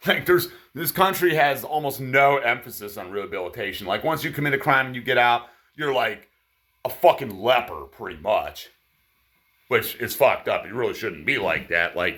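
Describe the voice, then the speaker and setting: A man's voice: medium pitch, sharp tone. A man delivering a profane, sarcastic ranting monologue to his viewers. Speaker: vlogger.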